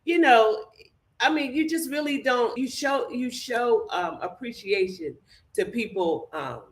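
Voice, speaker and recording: A woman with a slightly high voice gives firm, steady opinions as co-host of a casual review chat. She speaks plainly. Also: a little slow. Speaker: co-host, the host's mother.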